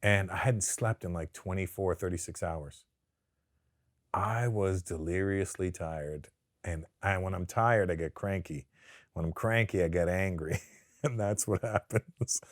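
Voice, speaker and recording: A man being interviewed, talking casually. He swears a lot, stammers through restarts and tells stories with lively put-on voices. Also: sits low, unhurried, dry recording, clean studio sound. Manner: profane, stammering restarts, animated storytelling with put-on accents. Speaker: comedian guest.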